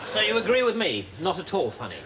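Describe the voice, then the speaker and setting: An actor playing a sardonic, scheming army captain with dry wit. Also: male voice, high-pitched, sing-song, fast. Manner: dry, sarcastic. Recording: noisy old TV soundtrack.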